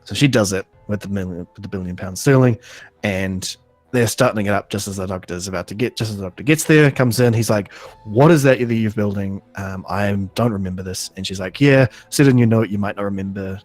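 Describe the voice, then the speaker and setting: A man recapping an episode on a casual podcast, halting, full of ums and restarts, laughing often. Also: on the low side, no room sound, soft background music. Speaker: podcast host.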